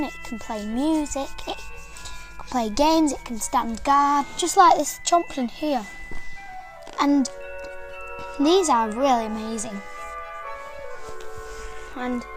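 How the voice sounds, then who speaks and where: British woman, high voice, unhurried toy demo that rambles and self-corrects, soft music underneath. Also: poor audio. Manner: rambling, eager, often correcting herself. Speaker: toy reviewer. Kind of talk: casual toy demonstration.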